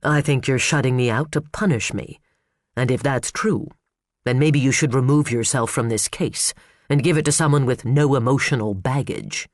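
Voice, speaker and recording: A man voicing a cool, controlled male defense lawyer with a smooth, menacing manner, in an audiobook. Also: medium pitch, normal speed, dry recording, clean studio sound, close to an everyday voice. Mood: coolly menacing.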